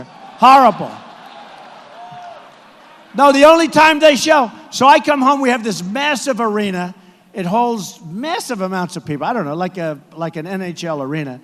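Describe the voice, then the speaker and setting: High-voiced man shouting at a rally. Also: expressive, moderate pace. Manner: repetitive, boastful, rising to shouts. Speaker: political candidate addressing supporters. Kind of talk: campaign rally speech. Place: large indoor arena. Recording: echoey arena sound from a PA.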